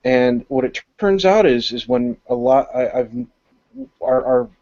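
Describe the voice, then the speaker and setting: A man from the United States co-hosting a podcast, telling a rambling, animated story in casual chat. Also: medium pitch, unhurried, highs cut off. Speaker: podcast co-host.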